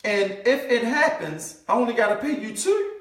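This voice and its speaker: A man's voice: very high voice, expressive, moderate pace, fairly bright tone, pitched above the performer's own voice. A man acting out a stunned business owner. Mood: incredulous. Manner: disbelieving, eager, rising questions. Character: incredulous middle-aged male business owner. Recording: roomy and distant from the mic.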